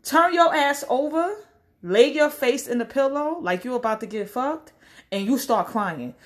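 A woman's voice: high-pitched, lively intonation, a little slow. A woman, giving blunt, profane advice in a casual vlog rant and acting out the people she quotes. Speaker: social media commentator. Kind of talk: casual direct-to-camera rant.

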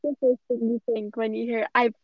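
A woman's voice: on the high side, little pitch movement, fairly quick, no echo, faint music behind. A teenage girl listening to a friend's story and chiming in with brief comments. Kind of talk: casual chat. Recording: dull lo-fi recording with faint noise.

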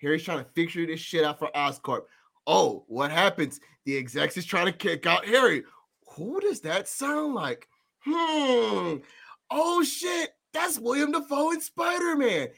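Male podcast co-host, high bright voice, animated ranting delivery. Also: unhurried, gravelly. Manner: animated, swearing, ranting with sudden high outbursts. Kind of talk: casual movie review chat.

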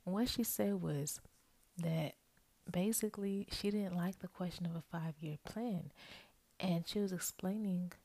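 A young podcast host talks casually in her bedroom at night, whispering mostly into an earphone mic held close so she won't wake her sleeping roommate. Her voice is low, warm, and unhurried with no echo; she's chatty, corrects herself as she goes, and calls listeners "y'all."

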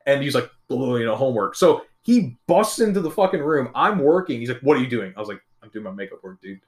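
Young dude rattling off a story, cussing, quick, acts out everyone's lines. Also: male voice, mid-range voice, roomy sound. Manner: profane, animated, acts out quotes in shifting voices. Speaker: storyteller in casual chat. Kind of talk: casual chat.

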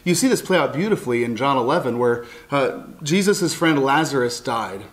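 A man's voice: medium pitch, expressive, moderate pace. A middle-aged man giving an earnest, heartfelt sermon, often restarting his phrases as he speaks. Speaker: pastor and counselor.

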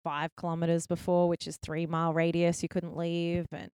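A woman's voice: fairly low pitch, monotone, normal speed, a little mellow, smooth, dry recording, clean studio sound. A young woman with an Australian accent, a filmmaker chatting casually as an interview guest, full of likes and restarts.

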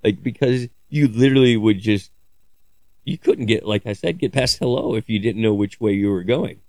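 A man's voice: fairly low pitch, moderate pace, dark tone, dry recording. A man talking in a casual, rambling monologue, joking crudely and swearing freely as he digresses. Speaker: podcaster.

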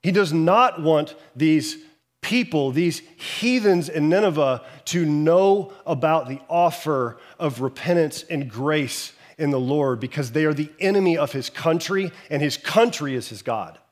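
Male pastor, slightly high voice, lively storytelling sermon that drops to quiet, low passages. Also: a little slow. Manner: animated storytelling, acting out characters' lines.

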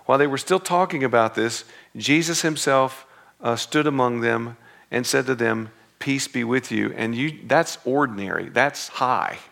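A man's voice: mid-range voice, moderate pace, vocal fry, fairly bright tone. A man teaching through a Bible passage in an informal, conversational way, breaking off for joking asides and correcting himself as he goes.

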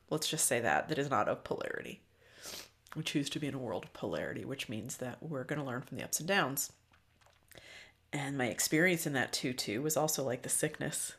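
Woman podcaster with a gravelly fry, rambling candid and sweary, dips into soft breathy near-whispers. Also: a bass voice. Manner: candid, loose and profane, with frequent ums. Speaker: podcast host. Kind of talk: casual spiritual reflection.

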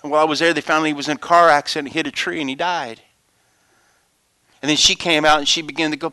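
A man preaching, his voice high and bright, recorded close and dry. He drops to hushed whispers, then climbs to loud, high, emphatic exclamations. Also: steady tone, fast, pauses often, clean tone, no room sound. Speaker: pastor. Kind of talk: sermon with told stories.

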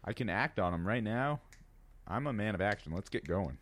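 A man's voice: lowish voice, animated, normal speed, fairly bright tone. A man in a casual chat, tossing in short playful quips and gross hypotheticals.

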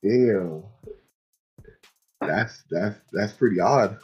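A man's voice: on the low side, very slow, dull audio, soft background music. A man co-hosting a casual podcast, talking loosely and stumbling over repeated words. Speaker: podcast co-host. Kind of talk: casual chat.

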